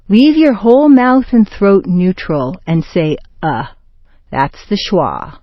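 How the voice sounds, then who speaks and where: American lady doing a slow pronunciation lesson, pitch jumps all over, dry kinda dull sound. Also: sing-song, dry recording. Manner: slow, exaggerated, modeling words for repetition. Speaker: pronunciation teacher.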